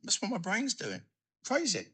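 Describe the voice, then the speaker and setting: A man giving a personal recovery testimony, telling his story in an animated way and acting out his own thoughts. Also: sits high, normal speed, slightly rough. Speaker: recovery speaker.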